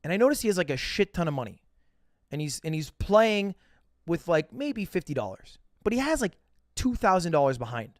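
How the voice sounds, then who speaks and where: A man's voice: high voice, big pitch swings, brisk, no room sound, clean studio sound. A man telling a casual, profane, self-mocking story as a podcast host.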